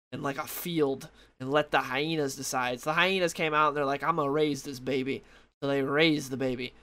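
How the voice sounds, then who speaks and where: Tired young guy with a slightly high voice, meandering through a casual review. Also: fairly bright tone. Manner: rambling, loses track, many fillers. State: tired late at night. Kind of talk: casual comic book review.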